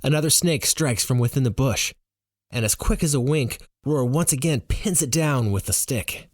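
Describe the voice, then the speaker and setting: A man narrating a novel in the first person with an animated, expressive reading. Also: mid-range voice, normal speed, dry recording, studio quality. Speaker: audiobook reader.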